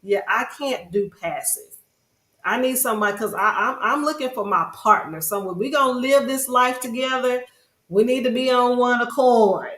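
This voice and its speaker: A woman's voice: fairly high pitch, moderate pace, fairly bright tone. A woman hosting a podcast, chatting casually and earnestly in long, rambling stretches. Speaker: podcast host. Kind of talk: casual chat. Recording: roomy echo.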